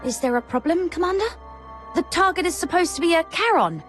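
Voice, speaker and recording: A woman's voice: very high-pitched, lively intonation, fairly quick, a bit bright, faint music behind. A woman playing a dutiful female soldier who reports to her commander in a composed, matter-of-fact way in a game cutscene. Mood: reporting.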